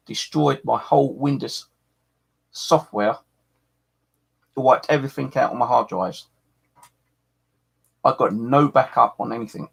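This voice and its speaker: Brief: husky-voiced streamer, furious rant, lots of swearing and repetition. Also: male voice, medium pitch, fairly bright tone. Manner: angry, swearing, repeating himself. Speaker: paranormal live streamer. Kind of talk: angry live-stream rant.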